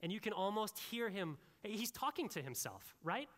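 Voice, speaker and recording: Bright-voiced pastor preaching in a reverberant hall. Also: male voice, high-pitched, moderate pace. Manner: animated, conversational preaching with asides to the congregation. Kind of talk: sermon.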